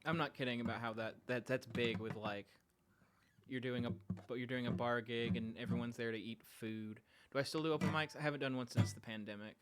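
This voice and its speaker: With his dog nearby, a podcast host chats with livestream viewers from his home, meandering, self-deprecating and frequently letting thoughts trail away. His voice is mid-range, fairly even in intonation and fairly quick, over a noisy background.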